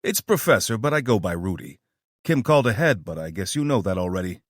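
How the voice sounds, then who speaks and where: A man's voice: lowish voice, big pitch swings, no room sound, studio quality. A man voicing an eccentric, flamboyant weapons scientist with a New York accent who slips into a fake posh British voice. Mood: excited, brash. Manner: fast-talking, theatrical, switches to a fake posh British put-on. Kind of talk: audiobook character voice.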